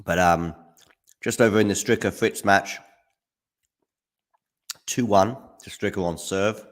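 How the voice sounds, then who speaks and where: A man's voice: fairly low pitch, unhurried. A man hosting a live tennis watchalong, chatting casually with hums and fillers while snacking on chocolate. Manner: relaxed, musing, hums and fillers. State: eating chocolate while talking. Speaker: watchalong host.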